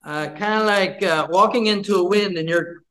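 A man's voice: high voice, normal speed, a bit bright, poor audio. A man leading a Bible study, teaching from scripture, repeating his points and putting questions to the group.

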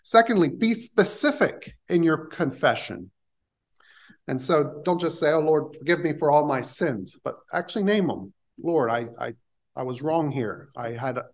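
A man preaching a sermon in a church, talking through scripture in a conversational way with pauses and restarts. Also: a little high, low-quality recording. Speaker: pastor.

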